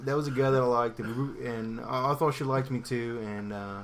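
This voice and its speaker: A man's voice: mid-range voice, fairly even intonation, fairly quick, slight background noise, close to an everyday voice. A man on a casual podcast putting on a clumsy mock British accent that keeps drifting toward Australian, telling a story with many hesitant restarts.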